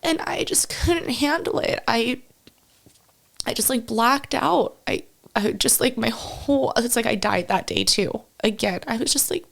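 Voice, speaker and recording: A woman's voice: a little high, unhurried, vocal fry, fairly bright tone. A young woman guest on a podcast, telling a painful personal story in a raw, rambling way full of "like.". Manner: raw, rambling, full of "like" and quoted self-talk.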